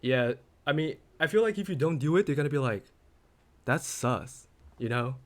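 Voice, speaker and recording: A young man chatting on a student podcast, with a slightly high voice for a man. He tells stories with animation and slips into quick impressions of his parents and friends. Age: young adult. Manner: storytelling, animated, acts out quotes. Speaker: podcast co-host. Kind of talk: casual chat.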